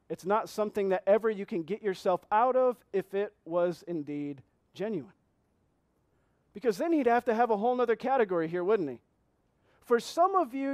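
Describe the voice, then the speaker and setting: A man preaching as pastor, reading scripture slowly and asking the congregation earnest questions. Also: high voice, a little mellow, no echo, studio quality. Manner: reads scripture slowly, repeating key phrases. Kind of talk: sermon.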